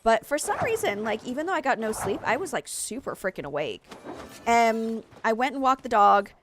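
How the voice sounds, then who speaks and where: A woman's voice: on the high side, very animated, moderate pace, fairly bright tone, a little hiss or hum. A woman game streamer, tired from lack of sleep, chatting in a rambling way full of fillers. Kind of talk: casual chat while streaming gameplay.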